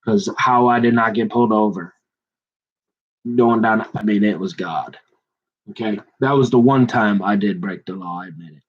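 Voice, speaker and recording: A man's voice: lowish voice, normal speed, muffled recording, a little hiss or hum. Rambling chatty male preacher. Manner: digressive, chatty, self-mocking. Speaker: pastor. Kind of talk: sermon with rambling personal story.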